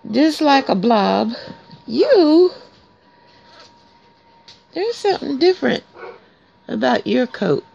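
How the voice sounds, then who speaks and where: A woman's voice: high-pitched, gravelly, a little mellow, a little hiss or hum. A woman talking to newborn puppies in teasing baby talk during a casual vlog. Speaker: pet groomer showing newborn puppies. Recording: dull lo-fi recording.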